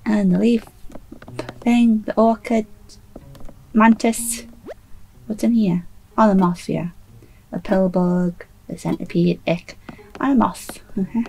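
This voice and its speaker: A woman's voice: medium pitch, a little mellow, poor audio. A woman casually commenting while playing a video game, chatty and self-mocking, still a bit sleepy. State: sleepy, trying not to yawn. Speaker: gaming YouTuber.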